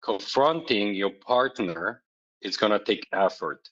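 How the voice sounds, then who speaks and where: A man's voice: fairly low pitch, expressive, a little slow, a bit bright, husky. A man in casual chat giving blunt, straight-talking advice and teasing his partner. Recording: dull lo-fi sound.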